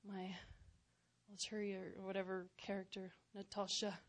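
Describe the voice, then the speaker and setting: A woman preacher chatting casually in a goofy, giggly way, laughing often and sometimes dropping to a hushed aside. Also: fairly high pitch, measured pace. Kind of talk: casual personal chat.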